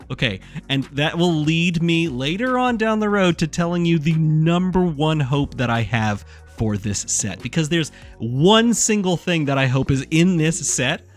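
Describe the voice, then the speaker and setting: A young man hosting a card game channel, talking in an excitable, rambling way with lots of fillers. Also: on the high side. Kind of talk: casual excited chat.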